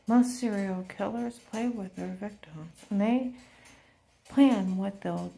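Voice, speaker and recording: A woman's voice: mid-range voice, slow pace, gravelly, warm tone. Woman in an urgent monologue, dropping to whispers. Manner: drops often into an unvoiced whisper. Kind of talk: rambling spoken monologue.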